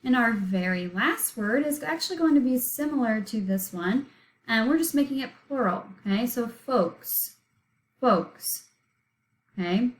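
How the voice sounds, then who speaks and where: A woman's voice: a little high, lively intonation, unhurried, low-quality recording. A woman teaching a recorded spelling lesson, patiently sounding out words letter by letter and syllable by syllable.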